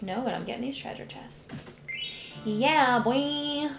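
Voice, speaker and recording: A young woman streaming a video game, chatting casually and emotionally with lots of fillers and soft laughs. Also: sits high, takes it slowly, vocal fry. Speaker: gaming streamer. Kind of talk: casual let's-play commentary. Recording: echoey room, game music behind.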